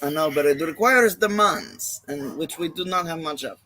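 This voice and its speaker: A man's voice: on the high side, moderate pace, sharp tone. A man co-hosting a casual livestream chat, goofy and joking. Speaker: co-host.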